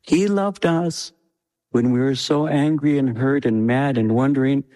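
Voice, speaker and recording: A man's voice: unhurried, dark tone. Impassioned male preacher in a reverberant hall. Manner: impassioned preaching with soaring pitch swings. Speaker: pastor. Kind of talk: sermon.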